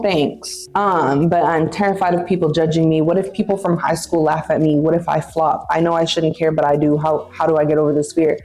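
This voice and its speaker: A woman's voice: deep voice, vocal fry, mellow. A young woman in her twenties giving blunt, playful big-sister advice in a casual vlog, reading out viewer questions.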